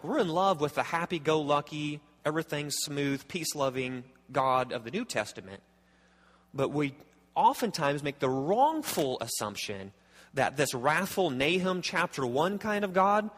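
Earnest pastor preaching in a reverberant hall. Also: male voice, on the high side, fairly bright tone. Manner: earnest, emphatic, restarts and repeats words. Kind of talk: sermon.

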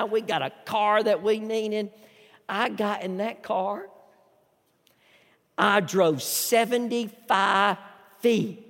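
A middle-aged male pastor with a high voice delivers a sermon, unhurried and deliberate. He drops to hushed, slow intimate passages, then rises into loud, emphatic storytelling. The sound rings with the long reverb of a large church hall. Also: gravelly.

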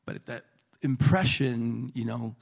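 A man's voice: medium pitch, slow pace, gravelly. A man preaching a sermon in a humorous storytelling way, acting out the people he quotes. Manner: animated, jokey, acts out quotes.

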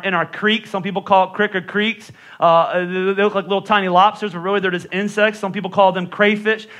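A middle-aged male pastor from the Northeastern US, with a high, bright voice that carries well. He preaches in a loose, conversational way, joking with his congregation. His speech has a clear Northeastern accent. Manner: conversational and joking, with playful voice impressions. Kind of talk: sermon.

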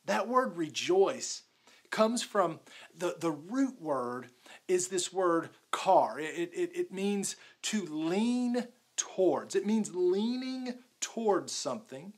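A man's voice: high-pitched, very animated, takes it slowly. Casual, chatty male pastor preaching. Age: adult, married with a daughter. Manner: casual, conversational preaching with many "like"s. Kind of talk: sermon.

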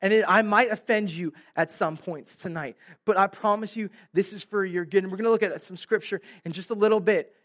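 Young male preacher, bright and forceful, acts out the lines in his stories. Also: high-pitched, brisk, hardly any pauses. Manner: animated storytelling, acting out dialogue. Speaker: pastor. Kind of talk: sermon with storytelling. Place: room with live audience.

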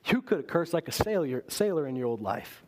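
A man preaching a sermon, swinging between loud emphasis and quiet intensity. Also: fairly high pitch, sing-song, fairly quick.

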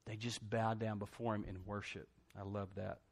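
A man's voice: lowish voice, level tone, moderate pace. A man preaching a sermon, telling the story conversationally and in a folksy way, acting out quotes and laughing often. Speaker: pastor.

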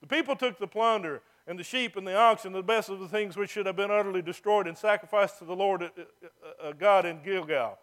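A man, a pastor preaching a sermon, who reads scripture loudly and then drops low and mocking to make his points. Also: a little fast, hardly any pauses.

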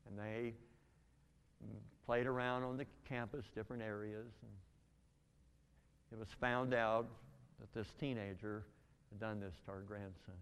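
An older man giving a spoken testimony, telling a story earnestly with halting restarts. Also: fairly low pitch, fairly even intonation, a bit bright, clear, resonant tone. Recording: long reverb in a large hall.

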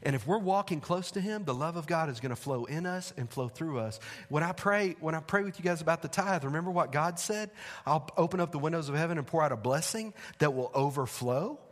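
A man preaching from the pulpit in a drawl, his voice sitting a little high. He talks to the congregation like friends, tossing in playful asides. His words ring out with a long hall reverb. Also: animated, fairly quick. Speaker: pastor. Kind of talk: sermon. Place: church sanctuary.

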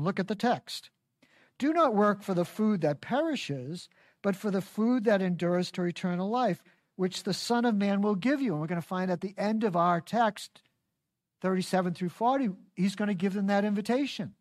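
Woman preacher, mid pitch, dry close sound, folksy emphatic delivery. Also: a little mellow, no room sound. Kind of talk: sermon.

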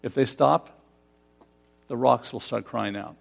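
A pastor delivers a conversational sermon in a gravelly, medium-pitched voice, taking his time. He laughs often and keeps asking his congregation questions.

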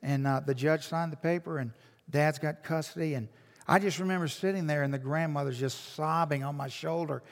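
A man's voice: fairly high pitch, fairly even intonation, fairly quick, long reverb tail. A man preaching a sermon as a pastor, telling a story with earnest, emphatic repetition. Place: church.

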